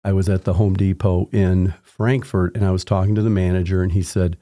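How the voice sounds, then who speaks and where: Older guy in his 60s on a podcast, low voice, dry close sound, rambly storyteller who keeps restarting. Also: flat delivery, brisk, dark tone, dry recording. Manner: rambling anecdotes with frequent restarts, acting out quoted people in raised voices. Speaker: podcast guest, home inspector. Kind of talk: casual storytelling interview.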